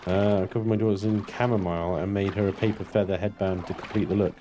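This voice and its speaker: A man's voice: on the low side, fairly even intonation, fast, over music. A man in his thirties, chatting casually and swearing freely as he streams a game and answers chat. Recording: clear background noise.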